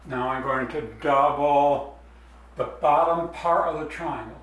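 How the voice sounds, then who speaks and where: A man's voice: fairly high pitch, a bit bright, far from the mic. Man teaching drawing in an echoey room. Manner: unhurried, explains step by step while drawing. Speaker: art teacher. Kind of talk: drawing demonstration.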